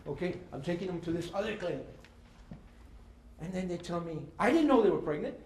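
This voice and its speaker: A man, giving a lively storytelling talk to students as a guest speaker and slipping in Spanish phrases. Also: high voice, brisk. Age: 50s. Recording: echoey hall with faint ambience.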